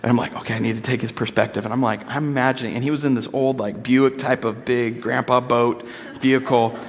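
A man's voice: mid-range voice, steady tone, quick pace. A man in his thirties preaching a conversational sermon, acting out quotes with playful voices. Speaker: pastor. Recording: long hall reverb.

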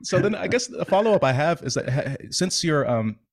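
A man interviewing a writer, asking halting, wordy questions and speaking with open emotion. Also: on the high side, big pitch swings. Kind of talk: interview conversation.

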